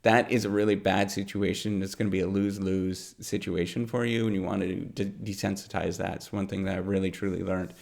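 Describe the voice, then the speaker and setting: A man's voice: deep voice, flat delivery, fairly quick, gravelly, few pauses, a little mellow. A middle-aged man, a professor, giving rambling unscripted advice with lots of fillers and repeated words. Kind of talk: unscripted advice talk to camera.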